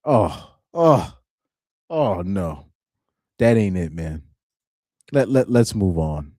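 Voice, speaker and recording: A young man talks slowly and casually through a live reaction stream, often laughing and stumbling over repeated words. His voice sits low and sounds dark and mellow. The recording is dry and close. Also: big pitch swings, no room sound. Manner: laughs often, repeats himself, stammering restarts.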